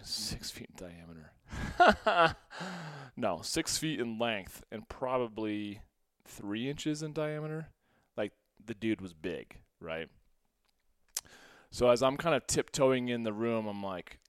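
A man telling a story from his own past in a casual way, quoting himself and laughing often, his voice swinging between hushed and loud. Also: medium pitch, clear, resonant tone, no room sound, studio quality. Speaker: podcast host.

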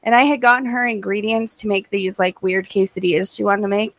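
A woman in her thirties telling animated stories in a casual chat, acting out what people said. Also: medium pitch, brisk, no echo. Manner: animated storyteller, acts out quotes.

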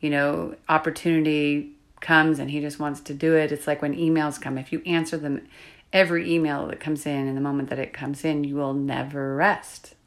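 A woman's voice: low-pitched, little pitch movement, moderate pace. A woman coach talking alone in a reflective, confiding way, sometimes dropping to a whisper. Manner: soft-spoken, confiding, drifts into whispers. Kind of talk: reflective solo podcast monologue.

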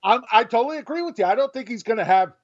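A man's voice: extremely high pitch, animated, very fast, highs cut off. A man co-hosting a sports radio show, arguing his point emphatically. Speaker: radio co-host. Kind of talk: casual sports radio banter.

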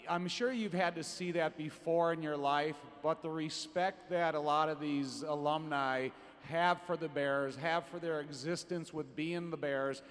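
A man's voice: a little high, steady tone, unhurried, few pauses. Earnest male host in a big hall. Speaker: panel host. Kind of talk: onstage interview question. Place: stage at a fan convention. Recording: long hall reverb.

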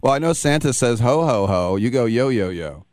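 A man's voice: medium pitch, animated, moderate pace, darkish tone, no echo, clean studio sound. A male radio host asking playful, joking questions in an interview.

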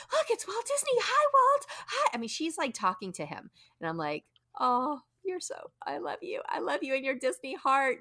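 A woman's voice: fairly low pitch, dry recording, clean studio sound. A woman in her thirties co-hosting a podcast, chatting eagerly with lots of restarts. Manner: chatty, excitable, many restarts. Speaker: podcast co-host. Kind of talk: casual chat.

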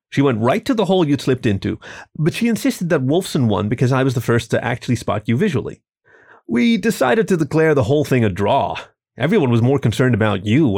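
A man voicing a tall, caring male wolf in a story reading, quiet and reassuring. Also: medium pitch, gravelly.

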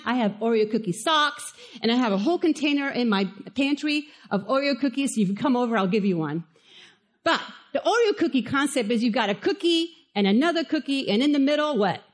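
A woman with a Spanish accent preaches in a high, bright-toned voice. Her delivery is conversational and animated, and she keeps turning questions back to the congregation. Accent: Spanish-accented English. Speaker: pastor. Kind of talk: sermon.

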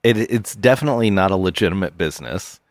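A man co-hosting a comedy podcast, telling stories in a low-key, deadpan way. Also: fast talker, no room sound. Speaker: podcast co-host. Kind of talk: casual comedic chat.

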